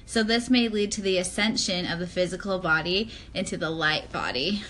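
A woman's voice: fairly low pitch, moderate pace, fairly bright tone, a little hiss or hum. Chatty woman podcast co-host. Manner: chatty, frequent "like" fillers. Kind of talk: casual chat podcast, reading notes.

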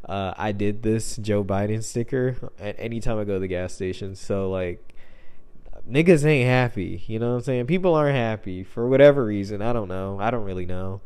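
A man's voice: lowish voice, darkish tone, clean tone. A young man hosting a solo podcast, rambling loosely in heavy slang with lots of filler words. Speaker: podcast host.

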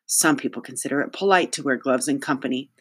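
A fussy school principal with a prim, scolding way of talking, pitched well up and lively. A narrator puts her on in a storybook reading. She corrects and lectures in a neat, proper tone. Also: fast talker, breathy edge. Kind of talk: audiobook character voice.

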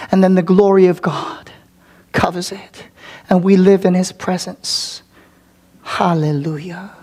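A man's voice: high-pitched, darkish tone. A male pastor preaching a sermon with dramatic delivery, repeating words for emphasis and dropping into whispers. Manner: repeats words for emphasis, occasional filler ums.

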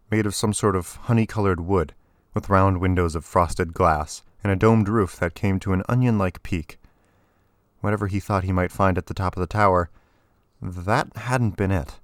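A man reading scripted story narration in a steady, even way. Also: deep voice, moderate pace, no echo, studio quality. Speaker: audiobook narrator.

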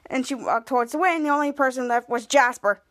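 A woman's voice: sits high, fast talker, a bit bright. A woman hosting a podcast, casually retelling a TV episode scene by scene with frequent restarts. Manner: rambling retelling with restarts, acting out quoted lines. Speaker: podcast host.

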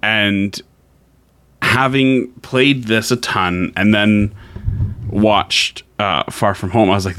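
A man's voice: lowish voice, slow pace. A man co-hosting a casual podcast chat, talking with enthusiasm and laughing often. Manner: lively and enthusiastic, with frequent laughter. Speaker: podcast co-host. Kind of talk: casual chat about games and films.

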